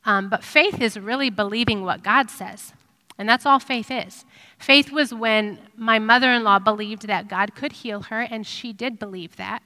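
Middle-aged woman preaching, earnest and thoughtful, kinda high voice, echoey hall sound. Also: moderate pace, bright, forceful tone. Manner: earnest, reflective, with frequent ums. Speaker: speaker giving a devotional talk. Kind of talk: devotional sermon. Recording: long reverb of a hall.

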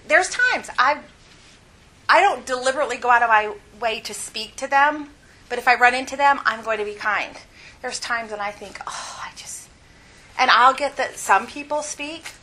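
A woman's voice: fairly high pitch, pushed and bright, a little hiss or hum, low-quality recording. A middle-aged woman teaching a Bible lesson at church, candid and confessional, laughing often as she talks.

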